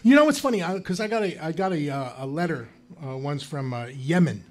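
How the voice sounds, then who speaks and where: A man, a guest actor, telling lively anecdotes in a live stage interview before an audience. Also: a little high, fairly quick. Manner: animated storyteller, laughs often.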